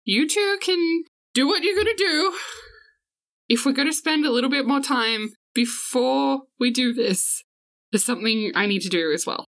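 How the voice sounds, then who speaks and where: A woman's voice: sits high, expressive, moderate pace, fairly bright tone. A woman playing a tabletop role-playing game, casually narrating her character's actions and talking in character. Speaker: player.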